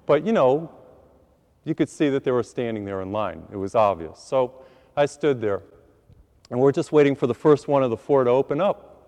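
Man, priest, storytelling sermon, self-mocking, animated, long church reverb. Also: medium pitch, normal speed. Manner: animated, self-deprecating storyteller acting out his own lines.

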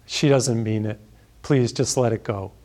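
A man doing a soft-spoken apologetic husband. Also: on the low side, unhurried, pitched below the performer's own voice, natural voice. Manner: soft, placating.

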